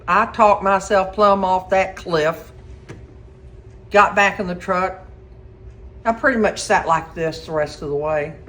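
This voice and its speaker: Middle-aged woman storyteller, folksy and lively, fairly low voice. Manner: folksy, animated, acts out quotes. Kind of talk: casual spoken storytelling.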